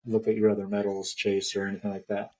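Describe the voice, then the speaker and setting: A man's voice: lowish voice, completely flat delivery, quick pace, dark tone. A man hosting a running podcast, telling a story in a chatty way and laughing often. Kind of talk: casual chat.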